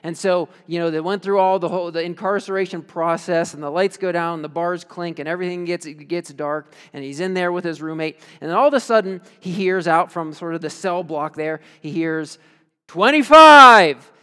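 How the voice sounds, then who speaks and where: High-voiced pastor in a reverberant church. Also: male voice, fairly quick, few pauses, smooth. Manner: casual, animated storytelling with fillers. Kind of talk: sermon. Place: church sanctuary. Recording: long reverb of a church hall.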